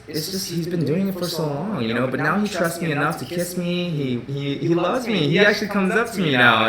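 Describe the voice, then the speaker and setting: A man hosts a live stream from his office in loose, casual talk. He restarts and repeats himself, filling gaps with "you know" and "right?". His voice rings in a roomy space with a murmur of people behind him. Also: a little high. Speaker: groomer hosting a live Q&A stream.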